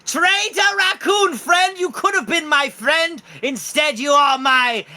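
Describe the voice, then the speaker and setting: A man voicing a small, deformed, hot-tempered raccoon lord who yelps and shouts in a shrill, strained voice. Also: takes it slowly, heavily acted. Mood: furious.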